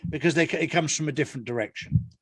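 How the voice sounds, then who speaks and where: Earnest older Englishman, fairly high voice. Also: racing, fairly bright tone, slightly rough, no echo. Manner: earnest, emphatic, repeats his points. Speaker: interview guest, author. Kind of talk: casual interview talk.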